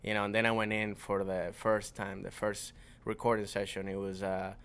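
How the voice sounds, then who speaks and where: A young man with a low-set, smooth and resonant voice talks as a guest in a casual interview. He rambles in a relaxed way, restarting his sentences and stacking up fillers. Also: normal speed. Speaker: comedian and voice actor, guest.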